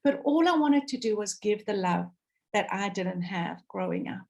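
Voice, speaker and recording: A woman's voice: mid-range voice, lively intonation, moderate pace, vocal fry, a little mellow, lo-fi sound. A South African woman speaking on a video call, telling a heartfelt story with passion and acting out what people said. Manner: impassioned, voice swings up and down, acts out quotes. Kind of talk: emotional storytelling to a call audience.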